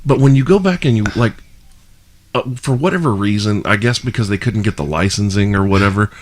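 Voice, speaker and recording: A man's voice: fairly low pitch, a little fast, a little hiss or hum. A man co-hosting a podcast in casual chat, joking around and slipping into impressions. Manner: lively, jokey, slips into impressions. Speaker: podcast co-host.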